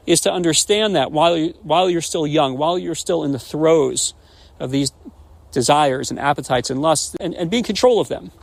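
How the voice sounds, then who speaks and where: Man, 40s, rabbi, podcast storyteller, animated, gravelly, restarts words. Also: on the high side, no echo. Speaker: rabbi and educator.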